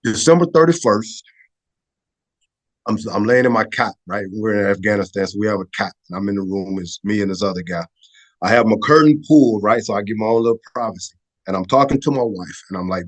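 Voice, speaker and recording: A middle-aged former Air Force photographer, appearing as a podcast guest, tells an emotional personal story in a fairly low voice, a little fast. He's conversational, keeps asking "right?", and restarts words.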